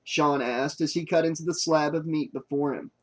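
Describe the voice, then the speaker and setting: A man narrating a horror novel audiobook in a steady, even storytelling manner. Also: fairly high pitch, moderate pace.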